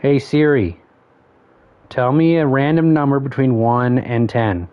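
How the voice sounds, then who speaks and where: This game streamer's voice sits at a medium pitch, smooth and a little slow. He offers casual gameplay commentary, thinking out loud and quietly listing options to himself, all captured in dull lo-fi stream sound.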